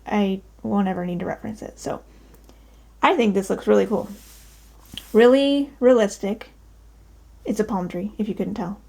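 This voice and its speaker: This woman's voice is on the high side with a darkish tone. Chatting casually at home in her daughter's bedroom, she's breathless but upbeat, filling her cross-stitch show-and-tell vlog with lots of ums.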